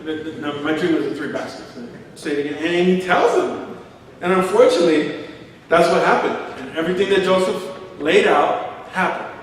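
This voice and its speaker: A middle-aged man preaching a sermon, his voice pitched a little high and heard from some distance in a big echoing church hall. He tells stories with a laugh, slipping into quoted voices. The room's long reverb trails every phrase. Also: a little hiss or hum. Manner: storytelling, acting out quotes, chuckling. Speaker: pastor. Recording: echoey hall from far off.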